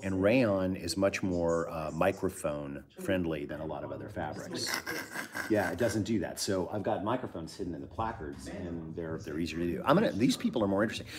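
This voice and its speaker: A middle-aged man with a very low voice hosts a loose live-stream chat. He rambles from one thought to the next, reads out viewer locations, and drops dry jokes along the way. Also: animated, a little fast, a crowd in the background. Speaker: host.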